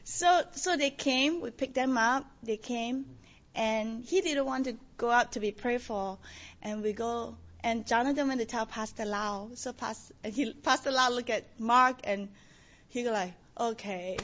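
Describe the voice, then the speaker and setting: Woman, lively storytelling testimony, muffled lo-fi recording. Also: a little high, moderate pace. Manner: animated storytelling, acts out quotes. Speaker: church member giving testimony.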